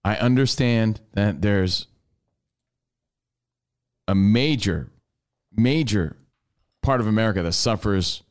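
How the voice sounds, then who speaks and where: A man hosting a radio show in casual studio talk, blunt and animated, acting out quotes as he goes. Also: fairly low pitch, takes it slowly, pauses often.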